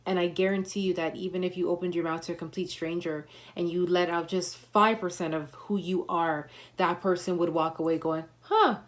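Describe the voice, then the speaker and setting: A woman's voice: fairly low pitch, little pitch movement, brisk, few pauses. A woman giving a motivational livestream talk, coaching listeners with emphatic, repeated affirmations and punchy slang.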